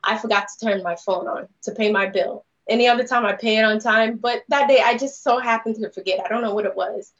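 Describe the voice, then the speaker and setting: A woman's voice: fairly high pitch, a little fast, few pauses. A woman guest speaker telling her personal story in a candid, rambling way, full of "you know" fillers. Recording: dull lo-fi live stream audio.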